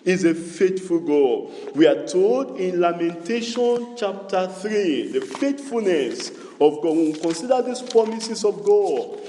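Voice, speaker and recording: A man's voice: sits high, expressive, measured pace, mellow, slight background noise. Sing-song preaching man in an echoey hall. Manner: call-and-response preaching, repetitive, sing-song cadence. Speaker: pastor. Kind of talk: sermon. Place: church hall. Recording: echoey church hall, long reverb.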